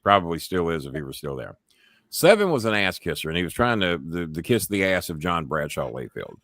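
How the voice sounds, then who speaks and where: A man's voice: low-pitched, big pitch swings, brisk, a bit bright, no echo, studio quality. A man hosting a casual chat show and telling a profane wrestling story. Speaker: show host.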